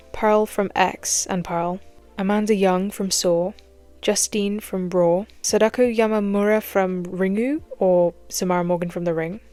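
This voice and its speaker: A woman's voice: mid-range voice, darkish tone, no room sound. A young British woman giving scripted, playful commentary with jokey, self-mocking asides. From Britain. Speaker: horror commentary YouTuber.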